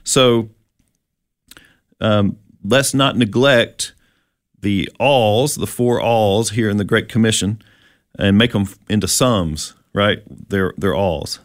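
A man co-hosting a conversational Bible-teaching talk, reading verses slowly and chatting in a relaxed way. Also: lowish voice, no echo, clean studio sound. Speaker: co-host.

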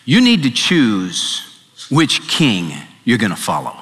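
A preacher voicing God, slow and grave, questioning a man. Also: medium pitch, wildly swooping pitch, a bit bright, pitched below the performer's own voice, full character voice. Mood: solemn. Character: solemn deep voice of God, questioning. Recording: long hall reverb, faint music.

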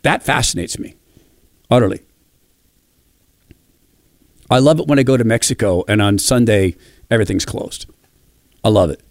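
A middle-aged man from the Pacific Northwest of the United States, sharing personal stories with enthusiastic, reflective warmth. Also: fairly low pitch, expressive, moderate pace, long pauses, dry recording. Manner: warm storytelling, enthusiastic and reflective. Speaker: speaker.

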